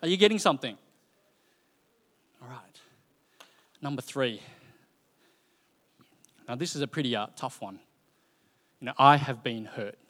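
A man's voice: medium pitch, a little slow, long pauses. Man preaching in a reverberant hall. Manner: conversational, animated storytelling with frequent fillers. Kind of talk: sermon. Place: church hall.

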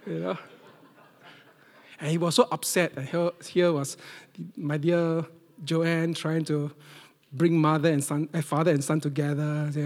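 A middle-aged man from Singapore, preaching a sermon. He tells stories with big swings from loud emphasis to near-whispers. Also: a little high, level tone, measured pace, in a large hall. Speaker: pastor.

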